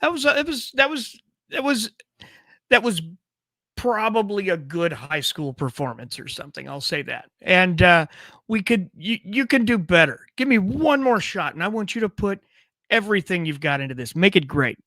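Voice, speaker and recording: A man's voice: high voice, sing-song, normal speed, sharp tone, no room sound, studio quality. A male host chatting casually and playfully on a live show, often restarting his sentences.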